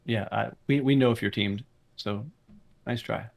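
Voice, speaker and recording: A man's voice: on the low side, fairly even intonation, moderate pace, vocal fry. A man running an online game server meeting, firm and blunt and swearing when annoyed, speaking into a voice chat mic. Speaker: game server owner leading a staff meeting. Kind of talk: casual online meeting talk.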